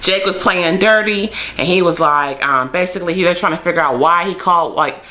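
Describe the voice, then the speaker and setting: Low bright-voiced woman chatting casually. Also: fairly quick. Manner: chatty, playful, acts out characters' lines. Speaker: TV episode reviewer. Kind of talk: casual recap vlog.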